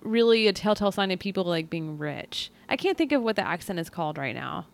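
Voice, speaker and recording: A woman's voice: fairly low pitch, animated, fairly quick, vocal fry. Blunt, chatty woman podcast co-host. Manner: chatty, blunt, swears casually. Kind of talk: casual chat.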